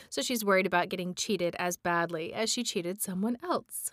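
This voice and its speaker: A woman reading a storybook aloud, measured and expressive. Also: fairly low pitch, no room sound, studio quality. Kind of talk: storybook read-aloud narration.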